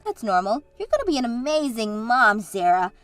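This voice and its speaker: A woman voicing a bubbly, high-voiced supportive sister. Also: very animated, moderate pace, a bit bright, no room sound, faint music behind. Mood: cheerful. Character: supportive maid-of-honor sister, cheerful. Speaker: sister Katie. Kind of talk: scripted story drama.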